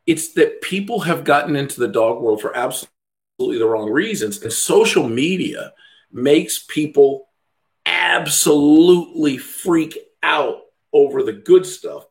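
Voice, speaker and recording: A man's voice: mid-range voice, creaky. A middle-aged man, a dog trainer, talking in casual podcast chat, blunt and profane, mimicking other people's voices as he rants.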